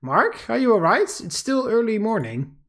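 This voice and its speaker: A man's voice: sits high, sing-song, normal speed, fairly bright tone, pitched above the performer's own voice, exaggerated voice. A man putting on a sweet, caring young girl. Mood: worried. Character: cheerful sleepy teenage girl, gentle.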